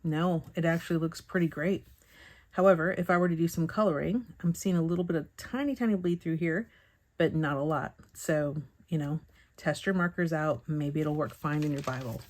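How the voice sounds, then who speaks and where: A woman teaching Bible journaling, chatting softly and thinking aloud with hums and pauses as she works at a craft table. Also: low-pitched. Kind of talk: relaxed craft tutorial narration.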